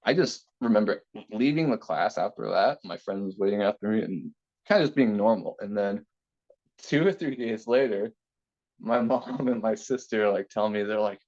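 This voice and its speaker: A young man telling a story from his school days in a relaxed interview, talking casually with many fillers and restarts. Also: fairly low pitch, moderate pace. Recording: slightly dull lo-fi sound.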